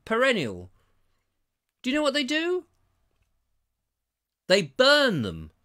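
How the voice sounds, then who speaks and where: A man hosting a live online show, reading out viewer comments in a playful, theatrical, mock-excited and teasing way. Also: high-pitched.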